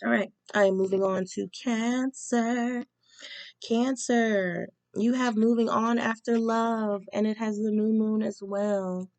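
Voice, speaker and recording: A woman's voice: fairly high pitch, steady tone, slow, a little mellow, dry recording. A woman giving a casual tarot reading, chatty and reading spell instructions aloud with frequent ums. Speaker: tarot reader.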